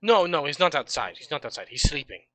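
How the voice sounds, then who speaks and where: A chatty, rambling guide who trails off mid-thought, as a man puts him on. The voice is bright and close, with a dry, unechoing sound. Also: a little high, sing-song, quick pace, no room sound, pitched above the performer's own voice. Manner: rambling, hesitant.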